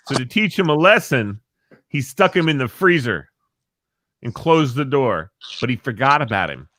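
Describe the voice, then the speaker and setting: A man's voice: mid-range voice, very animated, moderate pace, fairly bright tone, dry recording. A man co-hosting a casual chat show, joking around and laughing often. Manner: jokey, laughs often, tells jokes. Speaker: co-host.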